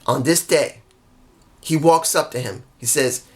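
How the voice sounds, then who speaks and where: A man casually telling a long made-up story in a vlog, acting out the speakers he quotes in lively voices. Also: a little high, a little slow. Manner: animated, jumps into quoted voices. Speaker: vlogger.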